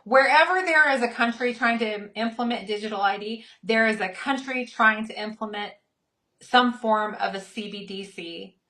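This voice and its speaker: A woman speaks with a bright, forceful voice pitched a little high. She is openly fired up and angry. She hammers each point home in emphatic repeated lists, now and then reading a quote aloud. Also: moderate pace, low-quality recording. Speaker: speaker on a Christian talk show. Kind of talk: impassioned commentary.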